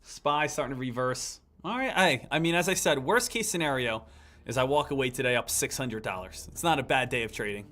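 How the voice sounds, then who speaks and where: Bright-voiced man hosting a trading stream. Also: medium pitch, brisk. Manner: animated, lecturing, addresses the chat directly. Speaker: day trading livestream host. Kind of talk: live trading commentary.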